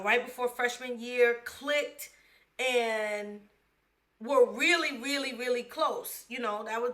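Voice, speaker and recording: Young Bronx woman, podcast storyteller; slow, heartfelt, slangy, with a high voice. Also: fairly bright tone. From the Bronx, New York. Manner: candid, emotional, slangy, addresses listeners as y'all. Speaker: podcast host telling her life story. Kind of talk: personal storytelling monologue.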